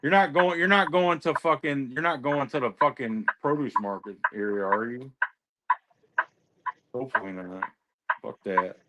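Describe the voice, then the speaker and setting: A man's voice: mid-range voice, normal speed, long pauses, very noisy. A man who drives trucks, chatting casually and telling stories while swearing heavily. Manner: heavy swearing, ranting storyteller. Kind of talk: casual chat.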